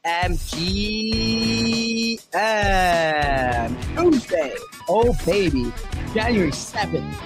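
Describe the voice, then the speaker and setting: A man's voice: high-pitched, expressive, drawn-out words, music in the background. A Canadian man hosting a casual crypto show over a video call, loose and joking, swearing freely. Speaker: podcast host.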